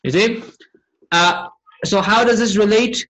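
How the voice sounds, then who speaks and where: A man with a high-pitched voice teaches Arabic grammar in an online class. He keeps checking in with his students through questions and recites verses at speed. He speaks into a computer mic while sharing his screen. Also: a little slow, fairly bright tone, poor audio. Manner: engages students with frequent questions.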